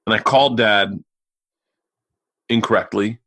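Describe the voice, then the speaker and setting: A man's voice: on the low side, measured pace, no room sound. A man on a remote call, telling a casual story full of swearing and acted-out quotes. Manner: profane, animated, acts out loud quotes. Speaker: guest.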